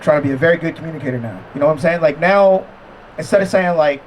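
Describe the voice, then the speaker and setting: At an outdoor backyard show, a stand-up comedian with a slightly high voice talks fast and conversationally, mocking himself between punchlines and tossing asides to the crowd. There's a little background noise.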